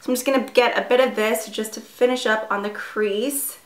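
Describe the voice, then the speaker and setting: In an echoey room, a beauty vlogger in her twenties chats casually through a makeup tutorial, her speech full of fillers and self-deprecating asides. Her voice sits a little high, with a steady tone and a fairly quick pace.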